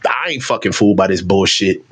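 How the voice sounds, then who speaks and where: A man giving live, profane fan commentary on a football game, ranting in exasperation and shouting when excited. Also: low-pitched, brisk, slightly rough. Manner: profane, exasperated, rants and mocks the coach.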